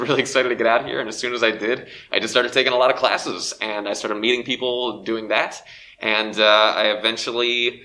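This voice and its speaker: Speaking through a face mask into a handheld mic in a convention panel room, a young man answers panel interview questions as a voice actor guest. He's eager and rambling, full of fillers, and his lowish voice has a bright, forceful tone.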